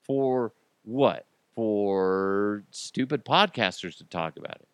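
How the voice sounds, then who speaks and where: A man's voice: on the low side, animated, takes it slowly, clear, resonant tone, no room sound. Man, comedic podcast host; mock outrage, silly voices, dry close mic.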